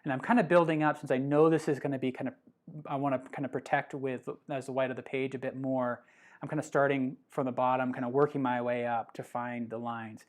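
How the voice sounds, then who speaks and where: An art instructor hosting a live drawing session, talking through each step in a relaxed, chatty way with many fillers and self-corrections. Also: mid-range voice, a little fast. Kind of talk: live drawing demonstration, thinking aloud.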